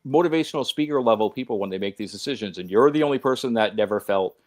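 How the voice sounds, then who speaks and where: Man, podcast guest, low voice, earnest, emphatic, run-on sentences. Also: expressive, quick pace. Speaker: podcast guest, host of his own show. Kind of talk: conversational podcast talk.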